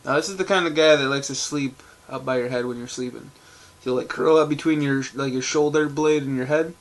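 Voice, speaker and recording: A man's voice: medium pitch, brisk. A man rambling casually to camera at home in a loose, profane vlog, full of fillers and restarts. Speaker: vlogger. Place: at home indoors.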